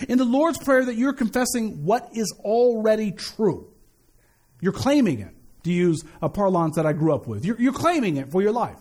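A man preaches from the pulpit with a strikingly high voice that leaps up and down expressively. He keeps the sermon conversational, breaking off to tease the congregation before returning to his point. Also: dark tone. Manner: conversational, joking asides to the congregation. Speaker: pastor. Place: church sanctuary.

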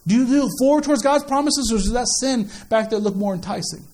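High-voiced man preaching a sermon. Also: quick pace, a little mellow. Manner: storytelling, playful, asks the congregation questions. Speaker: pastor.

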